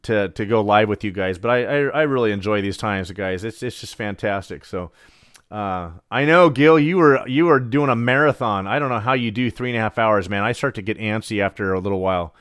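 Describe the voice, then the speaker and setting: A man's voice: fairly low pitch, fairly quick, fairly bright tone, clear, resonant tone, no room sound. Rambling middle-aged man, dry studio mic. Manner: rambling, many ums and restarts, self-deprecating. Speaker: homesteading channel host. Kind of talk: casual live stream chat. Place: home at night. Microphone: studio microphone.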